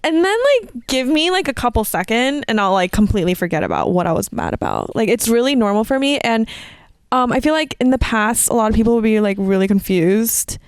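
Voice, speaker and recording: A woman's voice: fairly high pitch, sing-song, clear, resonant tone, no echo, studio quality. A young woman co-hosting a podcast, chatting casually and laughing often, with lots of "like". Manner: giggly, fast-talking, many likes. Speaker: podcast co-host. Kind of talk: casual chat.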